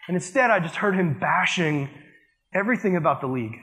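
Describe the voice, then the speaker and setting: A man with a notably high voice preaches to a church group. He talks in a loose, conversational way, filling his lines with "like" as he tells stories. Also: lively intonation, fast, bright, forceful tone. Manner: casual, conversational, heavy use of "like". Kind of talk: sermon with storytelling.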